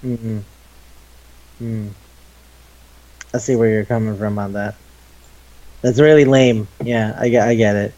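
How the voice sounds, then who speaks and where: A man in his twenties co-hosting a casual chat podcast, excitable and quick to swear. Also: on the low side, lo-fi sound. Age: 20s. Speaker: podcast co-host. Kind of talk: casual chat about anime.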